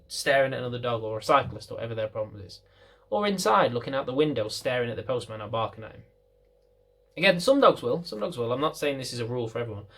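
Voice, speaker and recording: A man's voice: mid-range voice, a bit bright. A man working as a dog trainer, explaining to camera in a chatty way, repeating phrases and acting out little scenes. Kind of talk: casual explainer talk to camera.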